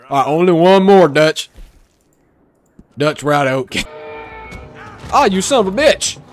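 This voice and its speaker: A man's voice: fairly high pitch, normal speed, pauses often. Foul-mouthed young male gamer. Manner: profane, excitable trash talk. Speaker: gaming streamer. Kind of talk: gameplay commentary.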